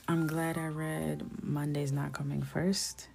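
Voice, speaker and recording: A woman hosts a relaxed live stream, chatting as she colors. She speaks softly, often dropping into a half-whisper, and laughs easily. Her voice sits low with a gravelly fry, and faint music plays underneath. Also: takes it slowly, few pauses. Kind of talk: casual chat while coloring on a live stream.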